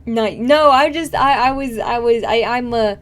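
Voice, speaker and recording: A woman's voice: on the high side, unhurried. Rambling young woman streamer. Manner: rambling, filler-heavy, frequent laughs. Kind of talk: casual chat with live chat.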